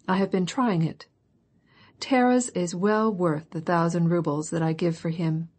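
A woman's voice: on the low side, steady tone, measured pace, darkish tone, slightly rough. A woman doing a jovial grey-haired old count. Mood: hearty. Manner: hearty, blustering.

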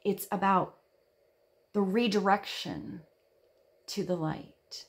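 A woman giving a casual tarot reading, speaking softly and dreamily, sometimes sinking to a whisper. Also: medium pitch, steady tone, unhurried, vocal fry. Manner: soft, dreamy, drops to a whisper when reading card texts. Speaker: tarot reader.

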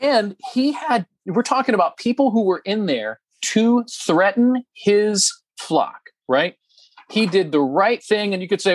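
A man's voice: high-pitched, lively intonation, measured pace, no echo. A man co-hosting a podcast in casual chat, talking emphatically and heatedly, with lots of ums and restarts. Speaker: podcast co-host.

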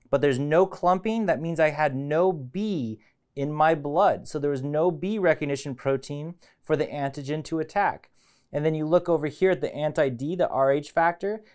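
A man hosting a science channel, calmly walking viewers through a hands-on demonstration step by step. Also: a little high, smooth. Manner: casual, step-by-step explaining. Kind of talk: instructional demonstration.

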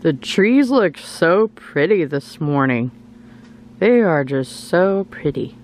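A woman's voice: low voice, animated, slow pace, darkish tone. A young adult woman narrating a casual family vlog to her viewers in a chatty way. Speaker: family vlogger.

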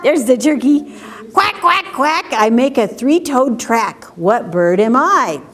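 A woman reading picture books aloud at a children's story time, asking questions and making animal sounds in a slow, sing-song way. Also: a little high, expressive.

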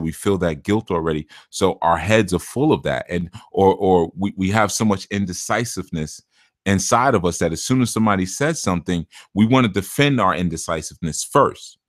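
A man's voice: deep voice, brisk, no echo, clean studio sound. A man giving a blunt, casual spiritual talk as a reader, acting out the voices of the people who come to him. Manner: blunt, acts out clients' voices.

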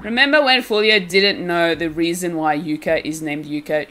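A woman's voice: fairly low pitch, moderate pace, few pauses, bright, forceful tone. A woman chatting casually and giggling often while live-streaming a game and answering her chat. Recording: faint game music behind.

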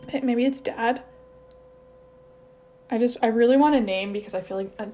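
A woman's voice: a little high, moderate pace, pauses often, warm tone. A woman channeling on her own in a casual, hesitant way, thinking aloud and questioning herself as she goes. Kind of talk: casual solo channeling session. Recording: slightly dull lo-fi audio with faint noise.

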